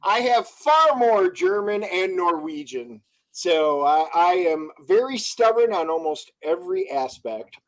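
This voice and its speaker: A man's voice: high voice, expressive, measured pace, low-quality recording. A man chatting as a guest on a casual stream, laid-back and rambling, with dry humor. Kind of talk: casual live-stream chat.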